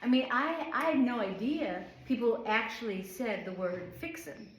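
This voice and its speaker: A woman's voice: a little high, animated, moderate pace. A middle-aged woman from the northern United States teaching an informal Bible study, rambling and chatty with many fillers. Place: church room. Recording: echoey room.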